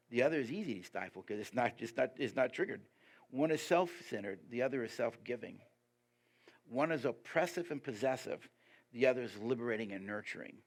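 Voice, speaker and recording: A man giving a sermon as a guest preacher, lively and emphatic, putting rhetorical questions to the congregation. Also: vocal fry. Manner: lively and emphatic, pitch rising on key points.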